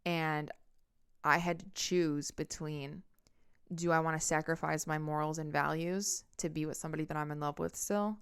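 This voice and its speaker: A young woman hosts her own podcast and tells a personal breakup story in a storytime monologue. Her voice is smooth and sits a little low for a woman. She talks with strong emphasis, swears freely and acts out the lines other people said. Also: steady tone, normal speed. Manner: acts out quotes and horn sounds. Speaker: podcast host.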